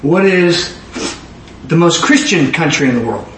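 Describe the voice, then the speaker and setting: High-voiced rambling man preaching. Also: lively intonation, a little slow. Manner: rambling, repeating words as he restarts. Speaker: preacher giving testimony. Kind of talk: sermon testimony. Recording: echoey room with faint noise.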